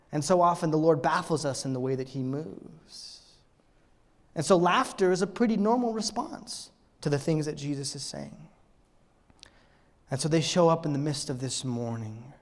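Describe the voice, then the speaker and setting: Guy preaching a sermon, goes big and loud then drops to a near whisper, echoey church hall. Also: fairly high pitch. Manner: dramatic swings from loud emphasis to hushed near-whisper. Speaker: pastor.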